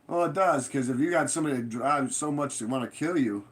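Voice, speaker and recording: A man talks in a loose, rambling monologue, laced with street slang and swearing. He hands out blunt, stern warnings at an ordinary middle pitch. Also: fast talker, husky. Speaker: vlogger giving street advice.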